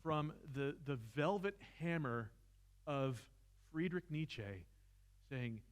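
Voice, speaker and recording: A man's voice: a little high, moderate pace. Impassioned male seminar lecturer. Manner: impassioned, rises to near-shouting, self-deprecating humor. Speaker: philosophy teacher, seminar speaker. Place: church seminar room.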